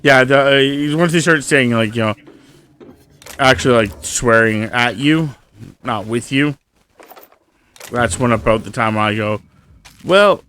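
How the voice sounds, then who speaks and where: A male streamer chats casually over his gameplay. His talk rambles along with plenty of swearing and fillers, in an ordinary middle-pitched voice. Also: a little slow, long pauses, fairly bright tone, a little hiss or hum. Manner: rambling, profane, filler-heavy.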